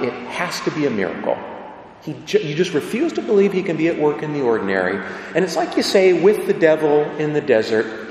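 A man's voice: a little high, a little hiss or hum. A man giving a sermon as preacher, earnest and conversational, acting out quoted voices as he goes. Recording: echoey church hall.

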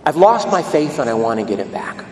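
A man's voice: medium pitch, very animated, brisk, a little mellow, a little hiss or hum, voice pushed down, natural voice. A man voicing a wealthy woman of little faith who pleads to get her faith back. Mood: pleading. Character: wealthy doubting middle-aged woman, pleading. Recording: echoey hall from a distance.

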